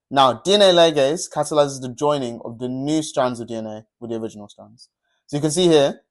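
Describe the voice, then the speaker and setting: A young man teaching a revision lesson over slides, upbeat and chatty, often checking in with "yeah?". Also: medium pitch. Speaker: tutor.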